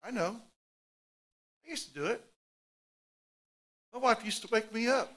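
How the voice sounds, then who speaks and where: Delivering a sermon, this middle-aged pastor tells stories and shifts animatedly from loud bursts to quiet asides. He has a very high voice and talks a little slowly.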